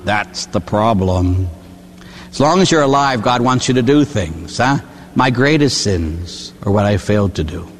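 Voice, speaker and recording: Folksy older priest preaching in reverb. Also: male voice, fairly low pitch, lively intonation, measured pace, a little hiss or hum. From Pittsburgh, USA. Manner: folksy storytelling, tag questions, acts out voices. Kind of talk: sermon.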